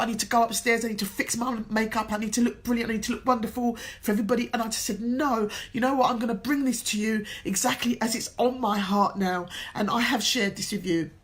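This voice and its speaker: A middle-aged woman from England, a motivational coach, speaking earnestly to her viewers and sounding emotional, with a runny nose at times. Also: fairly high pitch. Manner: heartfelt, tearful at times, earnest and encouraging. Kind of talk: emotional direct-to-camera talk.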